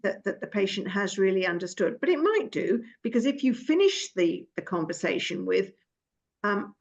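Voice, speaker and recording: A woman's voice: medium pitch, lively intonation, moderate pace, gravelly. A woman working as a dental compliance consultant, talking as a guest in a chatty way with frequent restarts and a habit of telling stories. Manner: chatty, many restarts, storytelling. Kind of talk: casual professional conversation. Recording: dull lo-fi sound.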